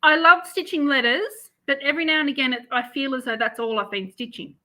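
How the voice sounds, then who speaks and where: A woman's voice: high voice, fast talker, sharp tone, rough recording. A woman, chatting casually as co-host and laughing easily. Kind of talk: casual chat.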